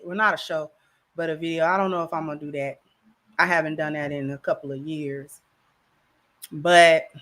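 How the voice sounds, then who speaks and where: A woman hosts a livestream in a loose, slangy chat that rambles from one thought to the next. Her voice sits at an ordinary middle pitch for a woman. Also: pushed and bright. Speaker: livestream host. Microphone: camera.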